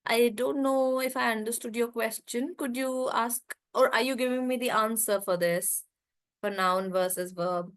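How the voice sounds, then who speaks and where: Lady teacher, kinda high voice, online class, explains patiently and stretches out the key words. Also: steady tone, normal speed. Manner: talks straight to the students. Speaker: English teacher.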